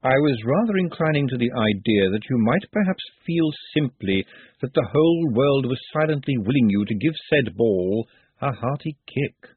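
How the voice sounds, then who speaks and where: A man voicing a calm, dry-witted male city ruler who speaks in a measured, wry way. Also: medium pitch, husky, dry recording. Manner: measured, wry, drily amused. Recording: dry, phone-like narrow sound.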